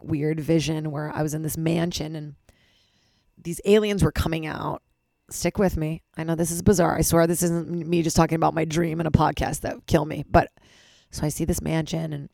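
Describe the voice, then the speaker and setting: A young adult woman from Los Angeles hosts a podcast, her low, mellow voice carrying vocal fry and sounding a little worn, as if she's partly lost it. She rambles through a candid personal monologue, self-deprecating and swearing casually. The recording is dry and studio quality.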